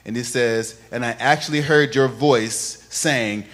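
A male pastor preaching a sermon, moving from quiet, conversational telling to loud, sing-song preaching and calling on the congregation to repeat after him. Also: medium pitch, a little slow, few pauses. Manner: calls on the congregation to repeat phrases.

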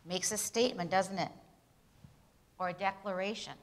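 A woman's voice: mid-range voice, moderate pace. Woman teaching grammar, quizzing her class. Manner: asks questions and answers them herself, with tag questions; reads example sentences with shifting emphasis. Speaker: Bible institute grammar teacher. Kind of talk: classroom lecture with questions to students.

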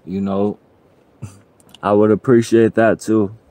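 Slow-talking man pleading on a livestream. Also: on the low side, little pitch movement, warm tone, no echo. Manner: pleading and joking, slow drawl. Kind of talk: casual livestream chat.

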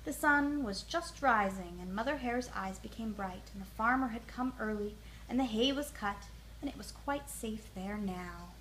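A woman reads a children's picture book aloud in a gentle, soothing bedtime manner. Her voice sits fairly high, with a faint bit of noise behind it. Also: moderate pace, rough recording. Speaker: storyteller.

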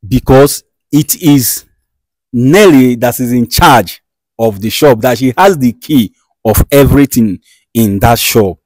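A man plays a patient male interpreter. He relays each point slowly and repeats himself as he goes. The recording is close and dry, and his voice sits mid-range. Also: medium pitch, a little mellow, no room sound, close to an everyday voice, rough recording. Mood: measured. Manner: slow, deliberate interpreting with repetitions. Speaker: interpreter for the diviner.

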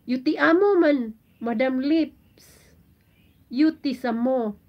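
Slow-talking Filipino woman streamer. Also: sits high, lo-fi sound. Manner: playful, giggly, sounding out foreign phrases. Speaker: live streamer reading viewer comments. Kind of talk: casual livestream chat.

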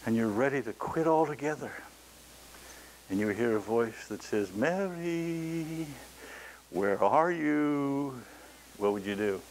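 Male preacher, lowish voice, fervent pleading sermon delivery, faint tape hiss. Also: normal speed, low-quality recording. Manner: impassioned pleading, rising to loud cries.

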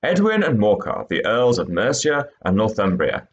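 A man's voice: fairly low pitch, sing-song, normal speed, highs cut off. A man reading aloud and voicing a small, pompous male mouse in a storybook, formal and stern.

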